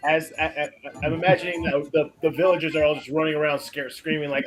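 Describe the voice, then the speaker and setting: A man's voice: on the high side, fairly even intonation, fast talker, soft background music. A man playing in a tabletop game, chatty and imaginative. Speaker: player.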